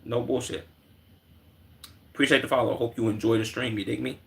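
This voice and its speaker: A man's voice: mid-range voice, steady tone, a little fast, vocal fry, a bit bright. A young man from Chicago streaming, chatting casually in a laid-back, slangy, profane way at a desk microphone.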